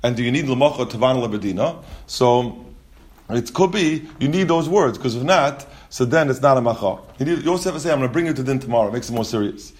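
A man's voice: medium pitch, expressive, fast talker, a little mellow. A man teaching a Talmud class. He reads the Aramaic text aloud and explains it in English, often restarting his sentences.

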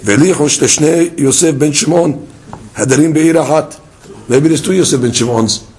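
Lively man teaching a Talmud lesson. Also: a little high, normal speed, slightly rough, rough recording. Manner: lively, acts out dialogue and fires rhetorical questions.

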